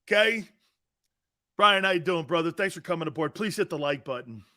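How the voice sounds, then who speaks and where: A middle-aged man hosting a casual sports talk show, loud and jokey, bursting into shouts. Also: fairly high pitch, animated, fairly quick.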